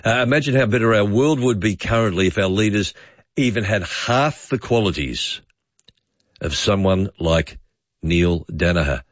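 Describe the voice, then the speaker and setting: A man hosts overnight talkback radio, chatty and rambling as he muses aloud to callers. His voice is on the low side at a moderate pace, captured on a studio microphone with a dull, dry sound.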